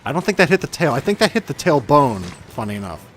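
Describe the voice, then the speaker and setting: A man's voice: fairly high pitch, very animated, fast talker, fairly bright tone, a little hiss or hum. A man giving casual gameplay commentary as a channel host, chatty and self-mocking with grumbling asides.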